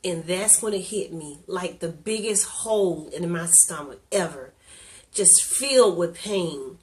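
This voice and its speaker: A woman's voice: on the low side, a little slow. A woman sharing a personal testimony in candid, conversational storytelling, earnest and openly emotional.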